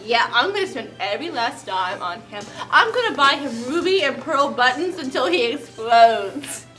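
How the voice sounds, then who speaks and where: A woman voicing a cold, bitter young heiress who speaks low and sneering. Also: normal speed, faint music behind, heavily acted. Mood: bitter ranting. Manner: low, flat and icy, sneering.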